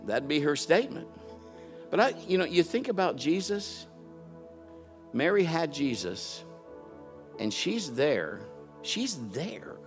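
A man's voice: a little high, big pitch swings, slow pace, long pauses, faint music behind. A middle-aged man preaching a sermon, telling family stories with playful mimicry. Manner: storytelling with playful mimicry and loud impressions. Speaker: pastor.

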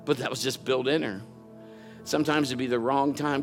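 A man's voice: medium pitch, steady tone, normal speed, soft background music. A middle-aged man preaching a sermon, telling family stories with playful mimicry. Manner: storytelling with playful mimicry and loud impressions. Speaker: pastor.

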